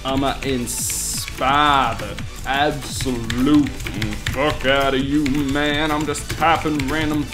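A man giving casual, jokey let's-play commentary, swearing freely and reading lines aloud in mock-dramatic bursts while typing on a loud mechanical keyboard. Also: medium pitch, fairly even intonation, takes it slowly, over music. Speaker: gaming YouTuber. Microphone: desk mic beside a loud mechanical keyboard.

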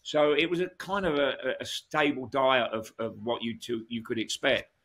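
A man in his sixties tells long, winding stories as an interview guest, circling back with restarts and asides. His voice is gravelly and husky, with a bright, forceful edge. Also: medium pitch, normal speed. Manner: rambling, many restarts and asides. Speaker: guest musician. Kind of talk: casual storytelling interview.

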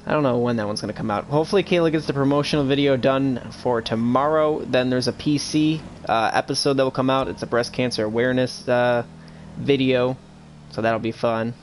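A young man talks through a live stream of a police role-play game in a loose, rambling way, swearing freely now and then. His voice sits at an ordinary middle pitch. A faint hiss runs underneath. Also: fairly even intonation, a little fast. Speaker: streamer playing a police officer.

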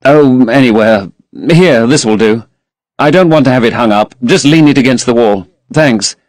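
A man voicing a tired, secretive young gentleman in an audiobook, speaking curtly. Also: medium pitch, moderate pace, dry recording, natural voice. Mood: weary. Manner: tired, curt.

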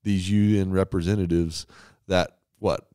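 Low-voiced easygoing man, dry mic. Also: little pitch movement, a little slow, warm tone, clear, resonant tone, no echo. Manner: easygoing, asks questions, laughs readily. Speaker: podcast co-host. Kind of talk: casual podcast discussion.

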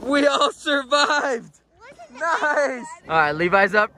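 A man's voice: extremely high pitch, slow pace, a little hiss or hum. A man vlogging casually, upbeat and laughing often. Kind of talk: casual vlog narration. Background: loud background music.

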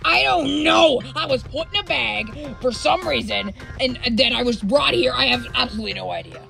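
A woman voicing a grumpy, hot-tempered plumber hero who yells a lot. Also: high voice, animated, normal speed, vocal fry, music in the background, full character voice. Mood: angry.

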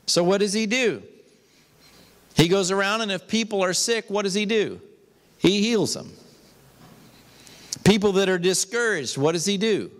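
A man's voice: sits high, normal speed, long pauses, a bit bright, big-room sound. A man preaching an emphatic sermon as a pastor, speaking in a church sanctuary.

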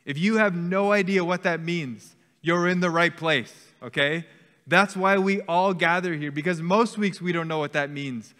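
A man in his forties delivers a sermon with a fairly high voice. He talks conversationally, pausing to check in with his listeners. His voice rings out with the long reverb of a church hall. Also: fairly bright tone. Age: 40s. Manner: conversational, often adds "okay?". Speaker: pastor.

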